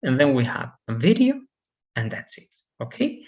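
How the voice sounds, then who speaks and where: A man's voice: medium pitch, huge pitch swings, moderate pace, a little mellow, highs cut off. A man teaching an English lesson, explaining pronunciation rules patiently and correcting himself as he goes. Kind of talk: online classroom lesson.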